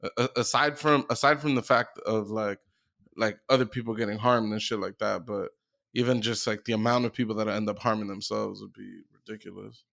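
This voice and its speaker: A man's voice: fairly low pitch, steady tone, fairly quick, gravelly, a bit bright. A man co-hosting a podcast, rambling in casual, profane talk full of fillers. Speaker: podcast co-host. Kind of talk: casual chat.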